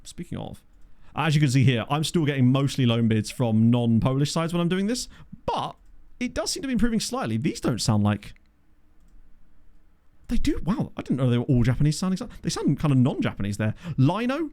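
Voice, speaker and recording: Speaking into a home desk microphone, a man with a brisk, rather high voice provides casual gameplay commentary. He's chatty, thinks aloud, and often breaks into excited exclamations.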